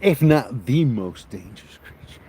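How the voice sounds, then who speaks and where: A man vlogging outdoors on a farm, telling rambling stories in a crude, joking, rough-spoken way. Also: medium pitch, lively intonation, a little slow, mellow, slight background noise. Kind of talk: casual rambling storytelling.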